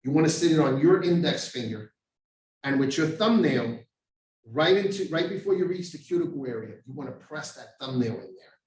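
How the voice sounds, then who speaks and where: A man's voice: on the high side, moderate pace. A man giving a live overdose-prevention training, talking casually and animatedly. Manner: animated storytelling with acted street voices. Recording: very echoey room, far from mic.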